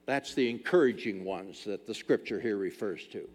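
A man's voice: lowish voice, moderate pace, darkish tone. A man, preaching a sermon as a pastor with emphatic, repeated phrases. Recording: long reverb of a large hall.

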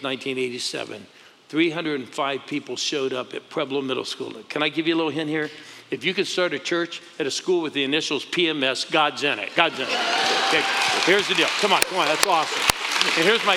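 A male pastor telling stories in an exclamatory, emphatic way, with loud outbursts to the crowd. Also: fairly high pitch, background noise. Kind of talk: animated storytelling testimony. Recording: long hall reverb.

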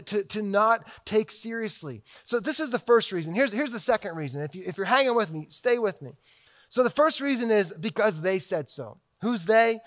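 A man's voice: high voice, fairly bright tone. A man preaching a sermon, emphatic, stacking repeated phrases into rhetorical build-ups.

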